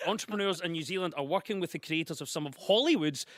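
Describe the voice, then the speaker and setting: A man hosting a comedy panel show, reading news items briskly and laughing easily. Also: on the high side. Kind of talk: scripted news-parody presenting.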